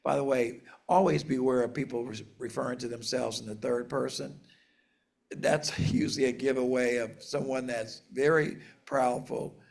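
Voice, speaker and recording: A man preaching a sermon, reading scripture aloud and explaining it in an earnest, measured way, slowing down for emphasis. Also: medium pitch, vocal fry. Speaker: pastor.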